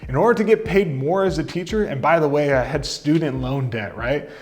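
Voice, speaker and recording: A man in his thirties telling his career story in a relaxed, chatty way, full of fillers and asides. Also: on the high side, a little fast, faint music behind. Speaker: content marketing coach. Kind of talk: casual storytelling to camera.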